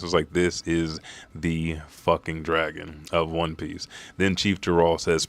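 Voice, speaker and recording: Deep-voiced man narrating a comic casually. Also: unhurried, a bit bright, no room sound. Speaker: manga reaction host. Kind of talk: live comic chapter read-through.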